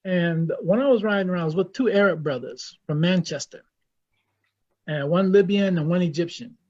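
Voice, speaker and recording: A guest Islamic scholar from the United States, speaking with an American accent, talks in an impassioned, blunt interview style and repeats points for emphasis. His voice is high-pitched and a little mellow at a moderate pace, and the recording is muffled.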